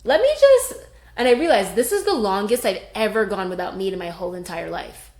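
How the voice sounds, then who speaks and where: A podcast co-host from Canada chats casually, telling a story with animated energy and acting out the lines she quotes. Her voice sits in a middle pitch range. The recording carries a noticeable echo from the room. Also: fast. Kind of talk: casual chat. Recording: echoey room.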